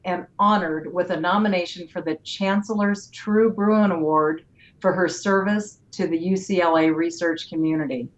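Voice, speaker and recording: A woman hosting a talk show, reading an admiring introduction of her guest. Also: fairly low pitch. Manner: effusive, admiring. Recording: dull lo-fi audio.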